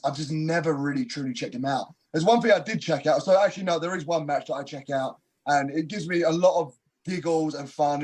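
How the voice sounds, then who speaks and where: A man's voice: a little high, a little mellow. A man answering interview questions casually, cocky and joking, with slangy talk. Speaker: wrestler, interview guest. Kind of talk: casual press call answers.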